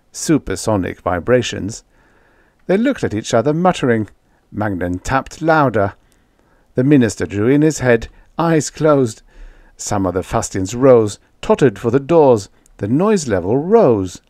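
A man narrating a science fiction audiobook in an expressive storytelling manner. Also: medium pitch, dry recording, clean studio sound. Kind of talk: scripted narration.

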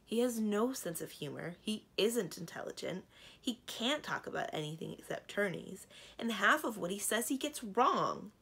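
Woman voicing a defiant storybook princess, blunt, headstrong, husky edge. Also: medium pitch, animated, moderate pace, fairly bright tone, full character voice. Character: spirited bored young princess, defiant.

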